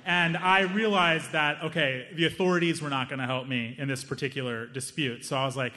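A man's voice: mid-range voice, moderate pace, hardly any pauses. A young man doing stand-up comedy, telling a story and acting out the people in it. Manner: animated, acts out other people's lines.

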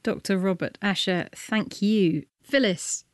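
A woman hosting a science radio programme, chatty and playful with quick asides. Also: mid-range voice, no room sound, clean studio sound. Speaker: radio science show host. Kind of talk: lively radio presenting.

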